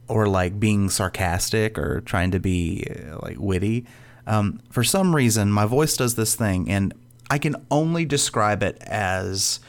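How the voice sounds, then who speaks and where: A young man speaking at church, delivering a conversational sermon full of casual stories and fillers, earnestly repeating his key points. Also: fairly low pitch. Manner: casual storytelling with frequent fillers.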